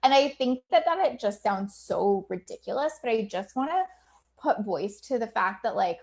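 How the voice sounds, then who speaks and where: A woman's voice: a little high, animated, normal speed, gravelly, darkish tone. A woman in her thirties talks openly to her community on a livestream, the way a business coach would. Her speech is loose and chatty, full of likes and ums. She laughs often and swears without hesitating. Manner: filler-heavy with many likes and ums.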